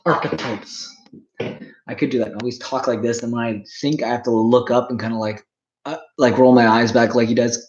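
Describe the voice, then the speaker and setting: A man's voice: medium pitch, fairly even intonation, moderate pace, darkish tone, dull audio. A man in his twenties, rambling and swearing casually while reacting to chat on a livestream. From Canada. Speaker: streamer.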